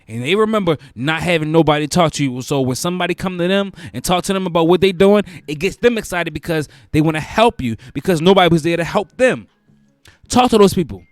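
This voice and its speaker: A man's voice: high voice, no echo, clean studio sound. A male host giving advice in a casual, preachy monologue, repeating phrases for emphasis.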